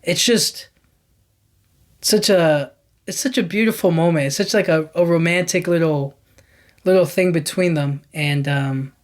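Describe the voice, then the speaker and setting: A man's voice: a little high, unhurried. A man hosting a podcast, casually recapping a movie in a rambling, enthusiastic way, filling his talk with "like" and "you know what I mean". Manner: enthusiastic about scenes. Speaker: podcast host.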